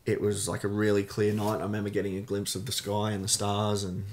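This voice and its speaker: A man's voice: on the low side, completely flat delivery, brisk. A man with an Australian accent, a podcast guest telling a personal story in casual, candid talk with many fillers.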